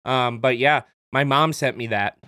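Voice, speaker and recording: A man's voice: mid-range voice, a little slow, bright, forceful tone. A man co-hosting a podcast in casual, joking banter, swearing and slipping into silly voices. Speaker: podcast co-host.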